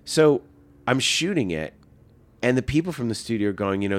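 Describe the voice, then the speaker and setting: A man around fifty, a film director, telling animated anecdotes as a guest and acting out the lines he quotes. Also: medium pitch, moderate pace. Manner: lively storyteller, acts out quotes, laughs often.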